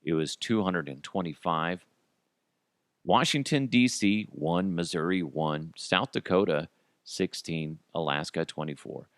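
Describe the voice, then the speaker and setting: A man's voice: sits low, measured pace, no room sound, clean studio sound. A man hosting a comedy podcast, rambling through crude jokes and laughing at his own bits. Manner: tosses in goofy character voices. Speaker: podcast host.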